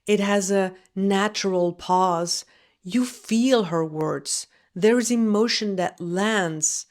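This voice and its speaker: A woman at mid pitch, talking unhurriedly as she comments on video clips. She comes across as a communication coach, and each point is measured and deliberate.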